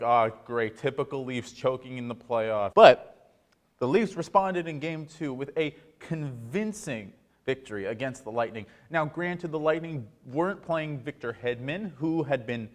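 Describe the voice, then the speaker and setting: A young man hosting a student sports talk show, giving wry, animated takes and dropping into low mutters. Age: young adult. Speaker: host.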